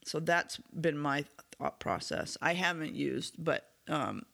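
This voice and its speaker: A man hosting a solo podcast about recovery, talking in an earnest, candid and self-reflective way, his voice slightly hoarse as he clears his throat now and then. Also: on the high side, lively intonation, takes it slowly, fairly bright tone. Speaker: podcast host.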